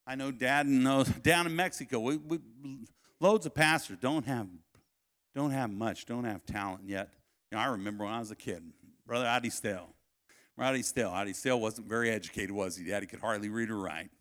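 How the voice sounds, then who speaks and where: Bright-voiced man preaching with fervor. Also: medium pitch, brisk. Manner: animated, swings from shouting to hushed storytelling. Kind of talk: sermon with personal story.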